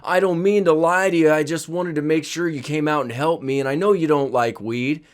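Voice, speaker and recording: A man's voice: fairly high pitch, fairly even intonation, fairly quick, smooth, lightly acted. A man voicing his drunk, drowsy father, who mumbles and stammers sheepishly. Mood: apologetic.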